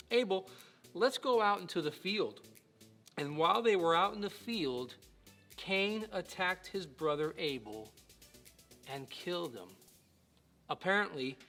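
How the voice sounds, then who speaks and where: A man pastor giving a Bible lesson to children, earnest and slowing down for emphasis. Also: on the high side, fairly bright tone.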